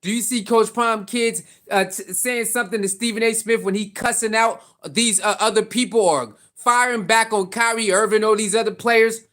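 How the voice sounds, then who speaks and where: A sports commentator talks directly to camera in a casual, opinionated vlog, his voice at a middling pitch and a bit bright. He moves at a moderate pace with hardly any pauses, speaking loosely in slang and circling back with rhetorical questions and repeated points.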